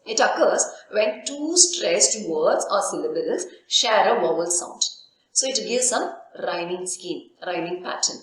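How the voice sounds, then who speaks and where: A university lecturer, a woman with a medium-pitched, fairly bright voice, teaches literature in a recorded lesson. She leans on "okay" and rhetorical questions she answers herself, and the room is very echoey.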